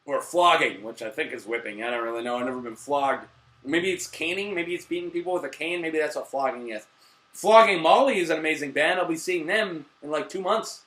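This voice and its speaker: A man hosting a casual TV episode review, excitable and profane, rambling with fillers and mock voices. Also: a little high, a little fast, reverberant. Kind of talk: casual video review chat.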